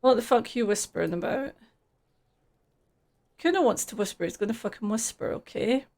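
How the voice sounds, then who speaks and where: Cocky teenage street boy as a woman reads him out, profane swagger, gravelly edge, video game character. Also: fairly high pitch, animated, normal speed, a little mellow. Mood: brash. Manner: swaggering, profane, third-person talk. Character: foul-mouthed brash teenage boy street kid.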